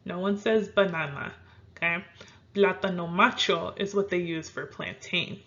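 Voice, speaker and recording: A woman teaching a video lesson, calm and clear, slowing down to spell out example words. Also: lowish voice. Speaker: Spanish teacher. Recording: dull lo-fi sound.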